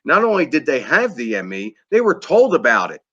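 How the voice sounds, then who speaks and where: A man's voice: fairly high pitch, huge pitch swings, a little fast, sharp tone, slightly rough. A man with an American East Coast accent hosting a casual interview, talking emphatically and repeating himself. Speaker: host. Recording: lo-fi muffled audio.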